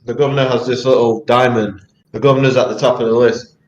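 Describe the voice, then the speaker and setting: A man's voice: mid-range voice, fairly even intonation, quick pace, lo-fi sound. A man with a British accent hosting a casual community chat, talkative, with many restarts and easy laughs. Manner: chatty, repeats words, laughs easily. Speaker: project team member hosting community AMA. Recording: echoey voice chat.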